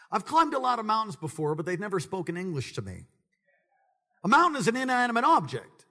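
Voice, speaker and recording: Male pastor, slightly high, gravelly voice; teaches calmly, then builds to impassioned preaching with joking asides to the congregation. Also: a little fast, big-room sound. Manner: builds to loud, high-pitched preaching, then drops low and conversational. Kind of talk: sermon. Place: church sanctuary with congregation.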